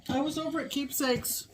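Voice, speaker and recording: A woman's voice: high-pitched, a little slow, a little hiss or hum. A woman co-hosting a casual chat, gushing and repeating her praise. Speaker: co-host.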